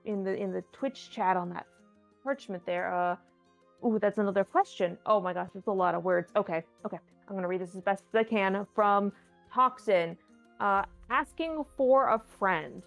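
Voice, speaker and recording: A woman's voice: medium pitch, gravelly, lo-fi sound. A woman standing in as host of a live tabletop game stream, answering viewer questions in a playful, chatty, rambling way with many restarts. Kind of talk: casual live-stream chat.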